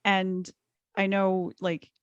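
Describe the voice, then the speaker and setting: A woman's voice: medium pitch, level tone, drawn-out words, smooth, no echo, dull audio. A woman chatting casually on a history podcast, with lots of filler words. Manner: chatty, uses many fillers. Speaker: podcast panelist.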